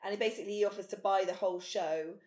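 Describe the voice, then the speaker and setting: A woman's voice: medium pitch, fairly even intonation, racing, darkish tone. A woman from Britain co-hosting a podcast, chatting casually as she recaps a TV episode with plenty of fillers. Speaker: podcast co-host. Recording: roomy echo.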